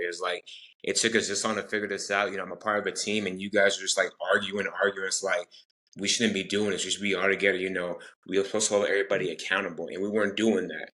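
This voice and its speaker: A man's voice: sits low, little pitch movement, quick pace, pushed and bright. A young man from Texas, an interview guest telling his story earnestly and rambling, acting out what others said. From Texas, United States. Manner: earnest, rambling, acts out quoted dialogue.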